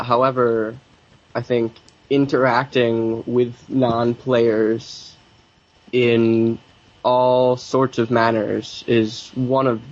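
Male panelist, monotone, halting with restarts, muffled call audio. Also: medium pitch. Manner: hesitant, repeats words, measured. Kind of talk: panel discussion.

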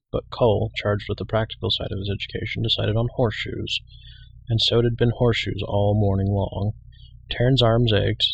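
A man reading a fantasy novel aloud in a steady, measured way. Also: lowish voice, vocal fry, lo-fi sound, a little hiss or hum. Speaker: reader. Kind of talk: audiobook reading.

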